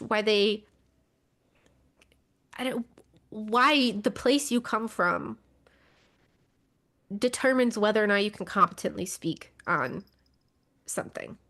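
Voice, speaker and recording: A woman co-hosting a podcast in casual chat, with a fairly high voice. She sounds wry and exasperated and swears freely. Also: animated, slow, pauses often, fairly bright tone. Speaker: podcast co-host. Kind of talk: casual motorsports news chat.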